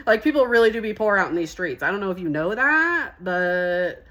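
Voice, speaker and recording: A young woman telling a story in a casual vlog, animated and sassy, laughing often between lines. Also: medium pitch, normal speed. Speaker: vlogger.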